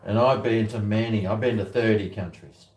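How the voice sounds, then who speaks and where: A man's voice: on the low side, fairly even intonation, moderate pace, darkish tone, reverberant, recorded from a distance. A man with an Australian accent, chatting bluntly and rambling while he cooks in his home kitchen, swearing freely. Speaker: cooking vlogger. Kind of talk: casual talk to camera while cooking.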